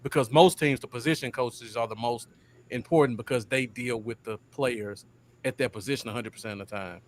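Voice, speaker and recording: A man's voice: medium pitch, a little fast. Man explaining coaching matters steadily. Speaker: podcast co-host. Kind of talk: casual sports talk.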